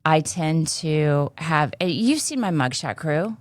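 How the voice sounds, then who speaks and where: A woman's voice: deep voice, animated, slow, no room sound, clean studio sound. Blunt, salty-talking woman podcast host. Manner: blunt, salty, cusses freely. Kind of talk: candid casual chat.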